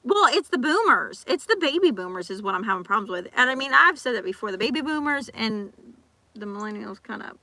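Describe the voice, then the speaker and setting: A woman's voice: on the high side, very animated, sharp tone, dry recording. A woman vlogger in casual chat, ranting animatedly with lots of repeats and acted-out quotes. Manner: talks fast with restarts and repeats.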